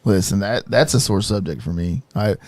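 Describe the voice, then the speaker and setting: A man who wrestles professionally, guesting on a casual podcast and telling a story in an animated way, acting out quotes and laughing often. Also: fairly low pitch, normal speed, dry recording.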